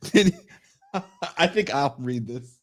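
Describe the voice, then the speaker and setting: A man's voice: fairly high pitch, wildly swooping pitch, slow pace, a bit bright. A man co-hosting a podcast, bantering, swearing and reading out viewer comments. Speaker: podcast co-host. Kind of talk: casual podcast chat reading super chats.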